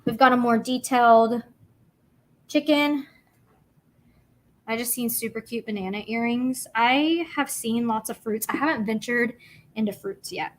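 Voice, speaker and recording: A young woman talks through her craft livestream in a chatty, bubbly ramble full of fillers. Her voice sits a little high. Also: measured pace, pauses often. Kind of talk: casual livestream chat.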